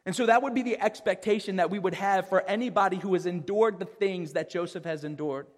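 A man with a notably high voice preaches in a relaxed, conversational way, stumbling and restarting phrases as he goes. His words ring out with a long, lingering reverb, as in a large hall. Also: fairly quick. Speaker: pastor. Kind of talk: sermon.

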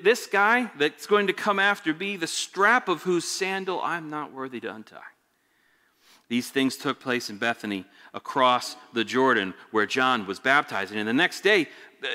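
A man preaching a sermon, expressive, stumbling over repeated words, swinging between loud emphasis and hushed lines. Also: medium pitch. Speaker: pastor. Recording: echoey hall reverb.

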